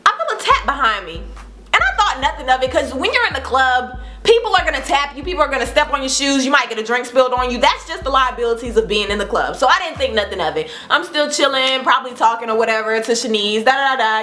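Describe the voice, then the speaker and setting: A woman in her twenties, a vlogger telling a casual storytime, animated and acting out what people said. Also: high-pitched, fast talker. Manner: animated, acts out quotes with laughs.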